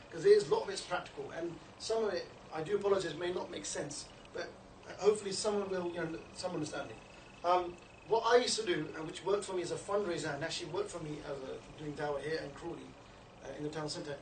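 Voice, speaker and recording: A street outreach trainer gives an informal training talk to a group in an indoor meeting room, chatty and frequently checking in with "you know" and "yeah?". The low-quality recording comes from a distant mic in an echoey room with background noise.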